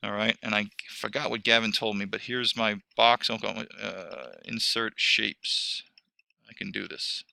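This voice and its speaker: A man's voice: on the low side, level tone, a little slow, creaky, pushed and bright, no room sound. A man teaching a screen-recorded lesson, rambling and correcting himself as he talks through each step.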